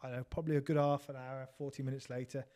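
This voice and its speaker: A man's voice: mid-range voice, level tone, very fast, a little mellow. A man with an English accent telling rambling, laughing anecdotes in casual chat, swearing freely. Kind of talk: casual storytelling banter.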